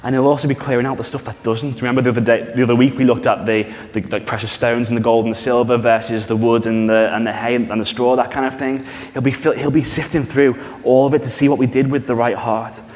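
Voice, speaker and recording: A man preaching a sermon in a church, conversational and animated, often asking the congregation questions. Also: mid-range voice, fast, hardly any pauses. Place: church hall. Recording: reverberant church hall.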